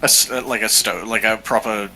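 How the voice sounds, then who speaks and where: A man's voice: fairly low pitch, steady tone, a little fast, sharp tone, faint music behind. A man playing in a tabletop game, talking hesitantly with lots of fillers. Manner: hesitant, filler-heavy, thoughtful. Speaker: player. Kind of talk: casual tabletop role-play.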